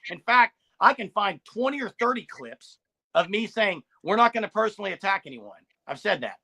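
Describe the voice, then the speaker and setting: A man's voice: high-pitched, big pitch swings, a little fast, vocal fry, pushed and bright. A man co-hosting a live sports podcast, speaking in an insistent, defensive way and repeating words as he pushes his point. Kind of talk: casual live-stream sports talk.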